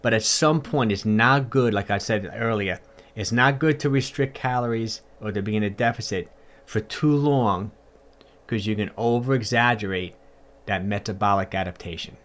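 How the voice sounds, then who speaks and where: A man's voice: lowish voice, normal speed, fairly bright tone. A man, a fitness coach, talking casually on a livestream and answering viewer comments in a chatty, upbeat way with lots of fillers and repeats.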